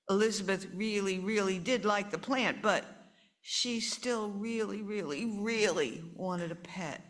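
A woman reading a picture book aloud to children, animated and chatty. She breaks off between pages to talk with the kids and explain the story. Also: mid-range voice.

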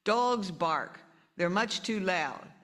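A sleepy, grumbling father from a picture book, flatly shooting down every idea, put on by a woman reading aloud. He sounds dismissive and a little slow. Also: fairly low pitch. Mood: grumpy. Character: sleepy, grumpy storybook father.

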